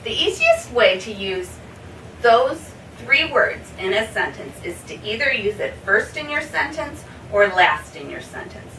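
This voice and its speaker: A woman teaching a basic English lesson, spelling out example sentences slowly word by word and checking in with "okay?". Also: a little high, very animated, a bit bright. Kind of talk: slow classroom explanation. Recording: roomy echo, from a distance, faint hiss.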